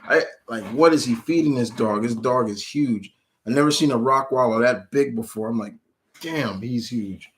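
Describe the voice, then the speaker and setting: A man runs his own channel, chatting casually on a live stream and answering questions from viewers. His voice is mid-range and his speed normal, and he rambles, restarting often and growing animated whenever he retells scenes.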